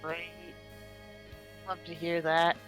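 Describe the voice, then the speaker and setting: A woman joining a livestream chat with dry, deadpan reactions, speaking slowly. Her voice sounds distant from the mic. Music plays clearly in the background. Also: lowish voice.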